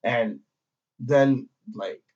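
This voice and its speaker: A man's voice: medium pitch, drawn-out words, darkish tone. Rambling, slangy man on dull lo-fi audio. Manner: rambling, slangy, swears, many fillers. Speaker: manga reviewer. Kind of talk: casual review chat. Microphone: audio-only recording.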